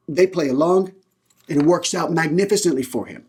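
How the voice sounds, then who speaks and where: This fairly high-voiced man has a husky, slightly mellow tone and talks a little fast. Like a lay teacher on his own podcast, he reads scripture aloud and then retells it with irreverent humor, keeping things loose and joking instead of preachy.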